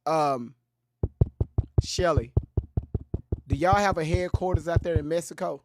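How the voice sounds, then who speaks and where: A man hosting a reaction video, commenting on played clips in a profane, exasperated rant that flares into shouting. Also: on the high side, unhurried, background noise.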